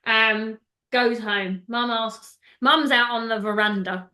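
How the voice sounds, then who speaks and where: A woman's voice: a little high, fairly even intonation, takes it slowly, bright, forceful tone. A woman hosting a podcast, chatting casually as she retells a film, laughing often and acting out the lines. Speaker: podcast host.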